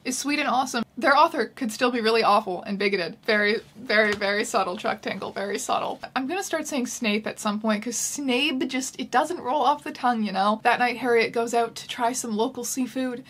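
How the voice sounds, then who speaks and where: A woman hosting a comedic book reading with wry, deadpan asides. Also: a little high, brisk, few pauses. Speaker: YouTube host.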